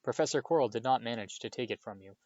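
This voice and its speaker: A man voicing a calm, kindly old male headmaster wizard who speaks gently and wryly, in a storybook reading. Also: medium pitch, no room sound, lo-fi sound, natural voice. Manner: gentle, measured and wry.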